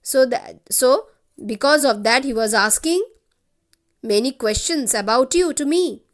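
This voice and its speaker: A woman's voice: sits high, expressive, a little slow. A woman teacher with an Indian English accent, reading a short story aloud and retelling each part in simple words for students. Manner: reads a passage, then retells it in simple words.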